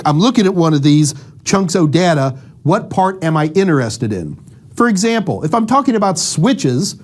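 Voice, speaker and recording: Lively man explaining tech. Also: fairly high pitch. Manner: lively, acts out little dialogues in analogies. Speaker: instructor. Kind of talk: casual explanatory lecture.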